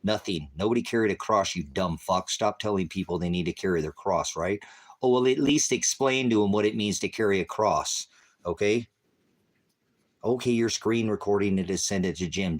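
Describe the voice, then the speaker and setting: A man's voice: sits low, normal speed. A man preaching in an angry livestream rant, cursing heavily and berating someone in his chat. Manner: heavy cursing, insulting and berating; confrontational, talks to a commenter. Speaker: online preacher.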